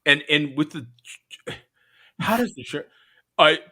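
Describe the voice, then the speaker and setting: Joking host guy, slow talker, pitch jumps around a lot. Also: expressive, pushed and bright, breathy edge. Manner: jokey, laughs often, riffs. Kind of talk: casual chat on a live beer show.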